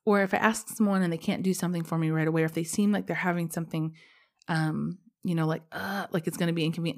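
A woman's voice: lowish voice, fairly even intonation, quick pace, a little mellow. A pregnant woman hosting her own podcast, talking candidly and rambling, with casual swearing, in a personal monologue. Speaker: podcast host.

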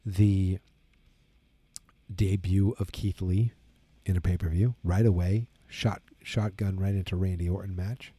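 A man's voice: deep voice, fairly even intonation, unhurried, mellow, husky, dry recording. A tired man hosting his own wrestling talk show, rambling casually with many fillers and restarts. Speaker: wrestling podcast host. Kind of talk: casual solo commentary.

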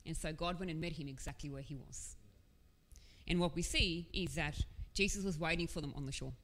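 Low-voiced woman preaching in a reverberant hall. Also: fairly quick, fairly bright tone. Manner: conversational, earnest, with casual asides. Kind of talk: sermon.

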